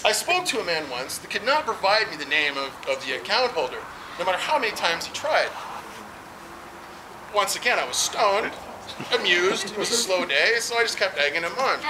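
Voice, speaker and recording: A man doing an amateur stand-up set at a barbecue, telling rambling stories with fillers. His pitch moves around a lot as he talks. The party noise outdoors stays loud behind him. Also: sing-song, moderate pace. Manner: rambling, storytelling, with frequent fillers. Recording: noisy outdoor party recording.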